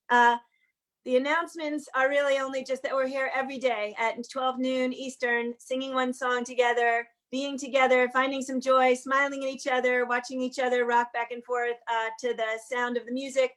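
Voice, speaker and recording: A woman hosts a casual online sing-along, welcoming viewers one at a time by name in a friendly way. Her voice sits high and stays level, with little rise and fall. She talks into a video call mic. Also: fairly bright tone. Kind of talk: casual welcoming livestream greetings.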